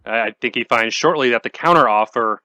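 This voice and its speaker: A man's voice: mid-range voice, fairly quick, bright, forceful tone. A man co-hosting a podcast, adding agreeable remarks in a casual book discussion. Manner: agreeable, adds short remarks. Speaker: podcast co-host.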